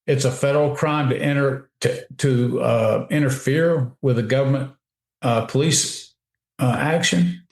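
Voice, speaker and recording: A man's voice: medium pitch, measured pace. A man giving emphatic, opinionated commentary on a radio talk show, often restarting his sentences. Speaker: guest commentator. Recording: roomy echo.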